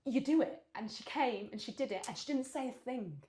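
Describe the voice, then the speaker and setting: This woman, a co-host on a casual podcast, is an animated storyteller who laughs often and acts out what people said. Her voice is fairly high and a little fast, heard in an echoey room.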